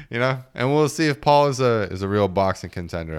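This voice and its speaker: A man's voice: mid-range voice, lively intonation, a little slow, pauses often, clean tone. A man in his late twenties hosting a casual solo podcast, rambling and joking, swearing freely and laughing often. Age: late 20s. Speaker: podcast host.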